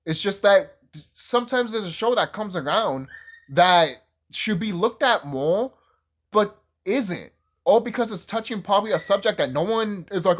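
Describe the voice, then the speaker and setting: A man casually reviewing a TV show on his channel, excitable and profane, rambling and gushing. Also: high voice, unhurried. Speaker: YouTube reviewer.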